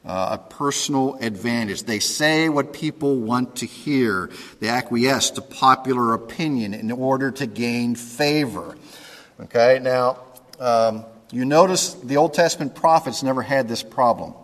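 A male pastor preaching in an easy, conversational way, stopping often to check that his listeners follow. His voice sits at an ordinary middle pitch. The sound carries a long reverb from a large hall. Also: measured pace. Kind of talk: sermon.

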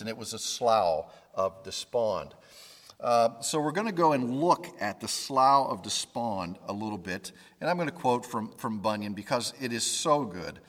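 Man, bible teacher, mid-pitched, informal halting delivery, long hall reverb. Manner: informal, halting, many fillers and restarts.

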